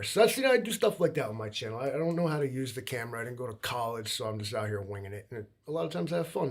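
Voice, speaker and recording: A young man co-hosting a livestream who rambles in a loose, laid-back way, full of likes and ums. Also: mid-range voice. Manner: laid-back, meandering, with a lot of filler. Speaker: livestream co-host. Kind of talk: rambling casual chat.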